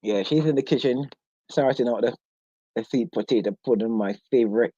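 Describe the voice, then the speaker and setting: A man's voice: medium pitch, fairly quick, warm tone, husky, dry recording, dull audio. A British man hosting a live online discussion, chatting casually and joking, often breaking into laughter. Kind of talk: casual livestream chat.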